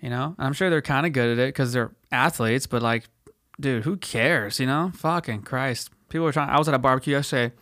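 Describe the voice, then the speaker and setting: A man's voice: mid-range voice, a little fast, fairly bright tone, no room sound. Profane rambling young man with a dry sound. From California. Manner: profane, rambling, says dude constantly. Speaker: podcast host. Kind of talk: casual solo podcast rant.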